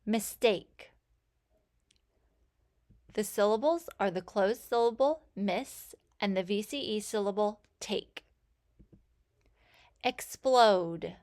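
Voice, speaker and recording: Woman, reading teacher, phonics lesson, unhurried, clear letter-by-letter enunciation, mid pitch. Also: a little mellow.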